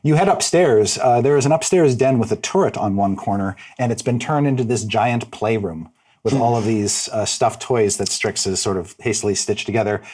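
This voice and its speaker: A man's voice: on the low side, normal speed. Man narrating as game master. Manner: descriptive, steady scene-setting with fillers.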